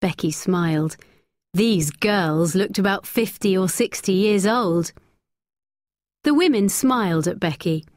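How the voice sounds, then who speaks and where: A woman narrating a graded-reader story slowly, clearly and expressively. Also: medium pitch, a little mellow, no room sound, clean studio sound.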